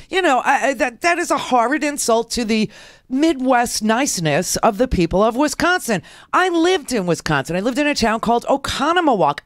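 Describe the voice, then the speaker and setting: A woman's voice: a little high, dry recording, studio quality. A middle-aged woman hosting a talk radio show, giving sarcastic, rambling political commentary full of restarts.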